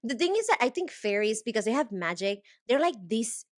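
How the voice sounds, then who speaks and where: A woman co-hosting a podcast, chatting casually and excitedly about a book. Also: a little high, brisk, dry recording, studio quality. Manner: gushing, excitable. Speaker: podcast co-host. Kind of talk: casual book-club chat.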